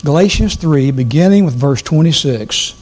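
A man's voice: on the high side, animated, normal speed, a little mellow. A man preaching a sermon to a congregation, reading scripture with strong emphasis. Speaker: guest preacher. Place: church sanctuary.

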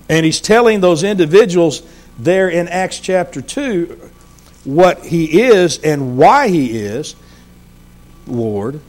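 Man, high-pitched, sermon preacher, emphatic, phrases trail off low and quiet. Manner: explains scripture verse by verse.

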